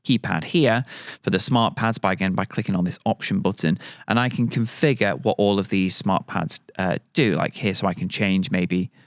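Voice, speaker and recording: A man with a low, smooth voice walks through an audio gear tutorial in a loose, rambling way, full of ums and restarts. The sound is close and dry, with no room around it. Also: normal speed, dry recording. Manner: loose and chatty, with many fillers and restarts. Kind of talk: casual product tutorial.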